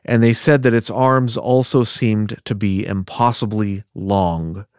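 A man co-hosting a podcast, telling a story in a relaxed, chatty way with joking asides. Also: fairly low pitch, a little slow, no room sound, clean studio sound. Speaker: podcast co-host. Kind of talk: casual storytelling narration.

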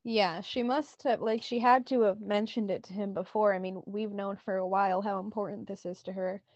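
A woman's voice: medium pitch, steady tone, moderate pace, darkish tone, dry recording, highs cut off. A woman co-hosting a podcast, retelling a TV scene in casual chat and quoting lines with lots of "like". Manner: retells scenes with many "like" quotes. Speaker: podcast co-host.

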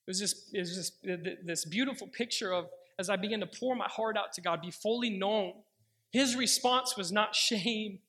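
Earnestly recounting his own testimony, a young pastor preaches in a high, bright voice. Quoted prayers are delivered more slowly than the rest of the sermon.

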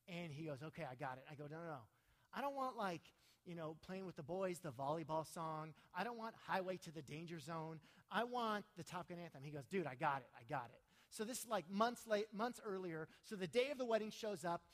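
High-voiced man preaching in a big hall. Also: animated, fairly quick. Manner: storytelling, swelling in volume at emotional peaks. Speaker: pastor. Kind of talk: sermon with personal story and prayer.

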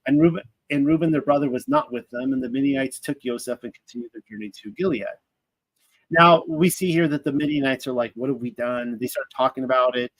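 A man's voice: medium pitch, expressive, fast, no room sound, rough recording. A man reading scripture aloud and commenting in a casual, thinking-aloud way, with fillers and restarts. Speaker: Bible study teacher.

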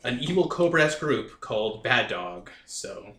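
A man's voice: medium pitch, a little slow. A man describing his character in a game, speaking loosely with lots of "you know". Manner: relaxed, with filler "you know". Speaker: player. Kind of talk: casual podcast chat. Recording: echoey room with faint noise.

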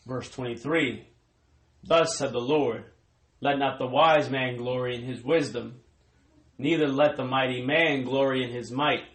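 A man's voice: mid-range voice, steady tone, a little slow, fairly bright tone, reverberant, low-quality recording. A man reading Bible verses aloud in a formal, declaiming way. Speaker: scripture reader.

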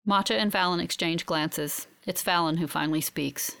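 A woman giving steady, reflective first-person audiobook narration. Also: fairly low pitch, moderate pace, vocal fry.

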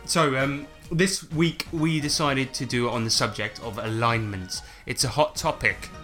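A man's voice: mid-range voice, a little slow, pushed and bright, soft background music. A man co-hosting a podcast in casual, jokey chat, laid-back and sweary with lots of "so, um". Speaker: podcast co-host.

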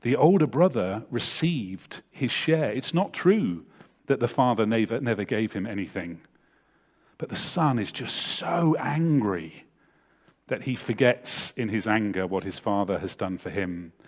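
A man preaching a sermon, retelling a story dramatically and swinging from loud to hushed. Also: fairly low pitch, animated, unhurried.

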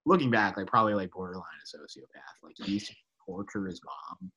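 A man's voice: deep voice, animated, fairly quick, sharp tone, rough recording. A man co-hosting a podcast, telling stories animatedly, with lots of "like" and "dude" and casual swearing. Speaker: podcast co-host.

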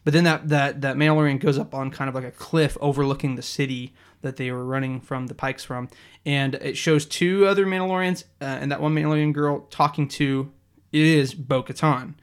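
A man co-hosting a podcast in casual chat, retelling scenes in an animated, excitable way. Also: on the high side, fairly quick, clear, resonant tone. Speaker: podcast co-host.

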